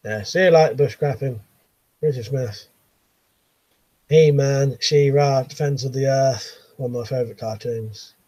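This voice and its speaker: With long pauses and a measured pace, an English man in his late thirties reads his viewers' messages during a casual live chat from his bedroom, bantering easily and chuckling. His mid-range voice is warm, and the recording has no echo.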